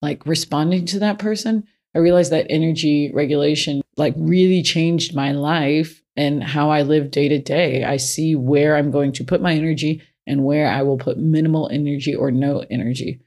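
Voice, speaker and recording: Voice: medium pitch, fairly even intonation, moderate pace, few pauses, a little mellow. A self-help speaker giving casual, plain-spoken advice from personal experience, often repeating key points for emphasis.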